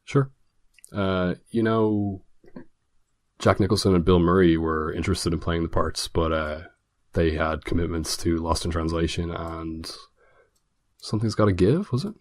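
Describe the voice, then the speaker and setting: A man's voice: deep voice, unhurried, a little mellow, dry recording. A man co-hosting a film podcast, easygoing, often restarting his sentences. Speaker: podcast co-host, film critic. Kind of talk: casual film discussion.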